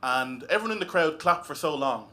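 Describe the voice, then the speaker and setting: A man's voice: fairly high pitch, animated, brisk, sharp tone. An Irish man doing a stand-up comedy set on a club stage, talking in a wry, conversational way with lots of tag questions. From Ireland.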